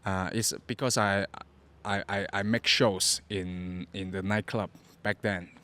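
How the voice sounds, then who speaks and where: A man's voice: on the low side, flat delivery, a little slow, bright, forceful tone. A young man from Hong Kong with a Cantonese accent, a podcast guest telling his story in broken English, often repeating words as he goes. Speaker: interview guest. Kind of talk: casual storytelling.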